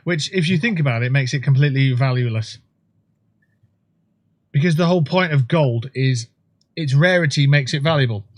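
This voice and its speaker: Hosting a game livestream, this man riffs with profane jokes and sudden excited whoops as he gives casual commentary on the gameplay. His voice sits at a medium pitch, moving at normal speed with frequent pauses.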